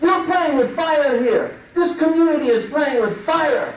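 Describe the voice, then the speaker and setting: A man's voice: very high voice, unhurried. A man giving an impassioned Friday sermon in a mosque, emphatic and full of rhetorical questions. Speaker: preacher. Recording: echoey hall, mic at a distance.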